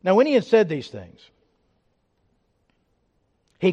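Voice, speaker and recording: High-voiced emphatic preacher man. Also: huge pitch swings, takes it slowly, long pauses, husky, long reverb tail, dull audio. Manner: emphatic preaching, rising loud then dropping to hushed reflection. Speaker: pastor. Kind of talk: sermon.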